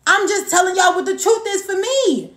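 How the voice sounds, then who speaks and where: A woman's voice: very high voice, animated, normal speed, fairly bright tone, reverberant. A woman in her thirties giving a motivational live-stream talk as a team coach. She speaks emphatically, repeats key points and greets viewers by name. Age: 30s.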